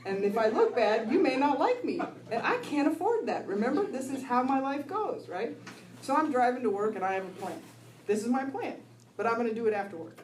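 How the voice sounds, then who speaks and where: A middle-aged woman with a slightly high voice shares her recovery story in a casual, animated way. She laughs easily and keeps checking in with the crowd. The sound is distant and echoey, as if recorded from across a meeting hall. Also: fairly quick. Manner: lively storyteller, laughs often, keeps asking "right?". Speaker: recovery speaker. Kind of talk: personal recovery talk to an audience. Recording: echoey room, voice from far off.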